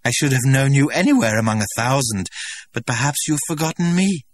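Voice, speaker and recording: A man's voice: medium pitch, lively intonation, fairly quick, dry recording, pitched above the performer's own voice, lightly acted. A man reading aloud who voices a desperate middle-aged woman, pleading and rising to shrieks.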